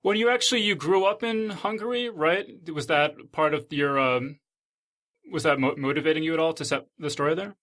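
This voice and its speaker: A man's voice: fairly high pitch, brisk, a bit bright. A man hosting a podcast, asking casual, hesitant interview questions. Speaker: podcast host.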